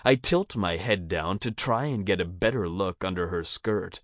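A man narrating a first-person audiobook in a steady, even storytelling manner on a close mic. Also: deep voice, moderate pace, hardly any pauses, dry recording.

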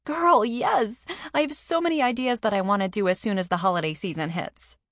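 A woman voicing an excited, bubbly woman who loves baking, talking in a loud, gushing way. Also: fairly low pitch, quick pace, no echo, clean studio sound, lightly acted.

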